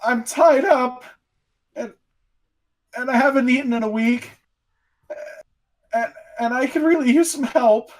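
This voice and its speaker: Brief: a man playing a high, frantic tied-up prisoner begging strangers for rescue, in a tabletop game. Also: measured pace, long pauses. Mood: desperate. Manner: high, pleading, then indignant. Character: desperate tied-up captive, starving and pleading.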